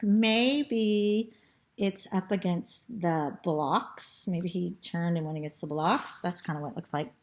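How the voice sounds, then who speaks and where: A woman whose throat is tickly reads a storybook aloud to children, her voice on the low side. She pauses now and then to point at the pictures and ask the kids questions.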